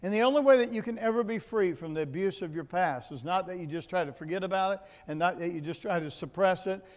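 High-voiced preacher in a reverberant hall. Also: male voice, fast talker. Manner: swings from low, quiet asides to loud, emphatic preaching. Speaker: pastor. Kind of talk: sermon. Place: church building.

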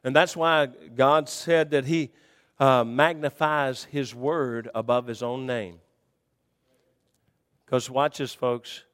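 A man preaching a sermon in a folksy, conversational way, dropping to quiet murmurs and rising to high shouts. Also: steady tone, slow pace, long reverb tail.

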